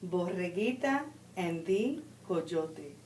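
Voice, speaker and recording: A woman, a guest reader, reading a children's picture book aloud with expressive storytelling. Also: on the low side, takes it slowly, a little hiss or hum.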